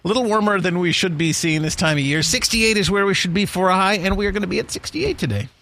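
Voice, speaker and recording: A man's voice: high voice, fast, gravelly, a bit bright. A man hosting a morning radio show, chatting casually in a rambling, jokey way with frequent restarts. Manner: rambling, self-correcting, jokey.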